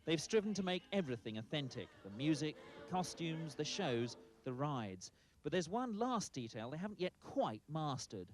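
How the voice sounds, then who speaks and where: A man's voice: on the high side, very animated, normal speed, slight background noise. A man narrating a report in a wry, scripted voice-over.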